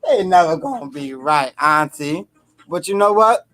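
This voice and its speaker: A man's voice: fairly high pitch, lively intonation, normal speed, fairly bright tone. A man co-hosting a live stream, chatting casually and teasing with a playful, laughing manner. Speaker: co-host of a live spiritual reading stream. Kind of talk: casual chat.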